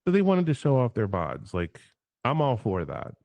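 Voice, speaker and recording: A man telling a story on a casual livestream, animated and profane, acting out the quotes in his tale. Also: mid-range voice, normal speed, creaky, dry recording. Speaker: guest.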